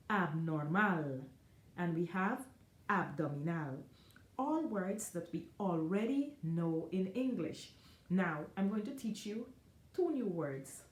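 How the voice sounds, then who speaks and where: Slow, patient woman teaching in an echoey room. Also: mid-range voice, warm tone. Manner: slow, careful, encouraging, repeats words. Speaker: Spanish teacher. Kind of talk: online language lesson.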